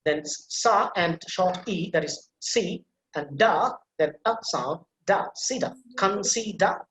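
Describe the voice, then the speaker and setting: A man's voice: high-pitched, slow pace, fairly bright tone. A male pronunciation teacher takes a class through words one syllable at a time. He repeats each word over and over for the learners to echo back. His voice rings in a roomy space. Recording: echoey room.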